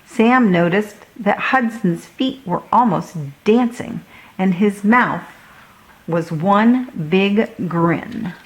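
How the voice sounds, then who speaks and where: A woman reading a picture book to children, unhurried and gentle. Each line comes slowly and clearly, in a calm storytime voice. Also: medium pitch, slight background noise, low-quality recording. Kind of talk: storybook read-aloud.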